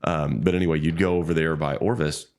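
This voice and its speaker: Man, very low voice, rambling storyteller, interview guest. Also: steady tone, quick pace. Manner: rambling, many restarts, quotes people with pitch jumps. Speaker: fly shop owner, podcast guest.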